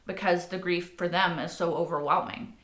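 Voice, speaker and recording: A woman's voice: lowish voice, steady tone, moderate pace, a bit bright. A young woman hosting a reaction video, talking casually and swearing freely, with a lot of likes and rights. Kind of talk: casual spoken commentary. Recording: echoey room.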